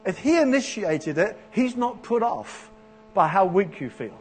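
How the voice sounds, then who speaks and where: A man preaching a sermon in a church, animated, acting out the voices of people in Bible stories. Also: high voice, measured pace, slight background noise. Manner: animated, acts out Bible voices with rising intensity.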